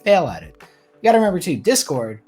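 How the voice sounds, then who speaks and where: A man in his twenties co-hosting a podcast, chatting casually in a blunt, swearing, animated way. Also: high voice, brisk, husky, faint music behind. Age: 20s. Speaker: podcast co-host. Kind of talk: casual chat.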